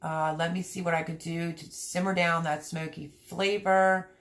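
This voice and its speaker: A middle-aged woman with a low voice and a gravelly edge hosts her homestead livestream. She reads her viewers' comments aloud and answers them in a chatty, heartfelt way from home. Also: little pitch movement, normal speed. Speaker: homesteading channel host reading live chat. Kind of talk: casual livestream chat. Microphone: streaming setup.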